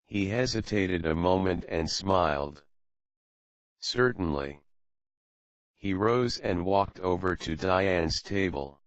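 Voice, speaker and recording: A man reading an audiobook in a steady, measured way. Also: deep voice, no echo. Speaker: audiobook reader. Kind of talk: audiobook narration. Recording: dull lo-fi audiobook.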